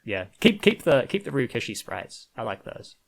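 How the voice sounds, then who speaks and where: A man's voice: mid-range voice, sing-song, moderate pace, gravelly. A man co-hosting a podcast in casual chat, rambling with frequent restarts and laughing often. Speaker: podcast co-host.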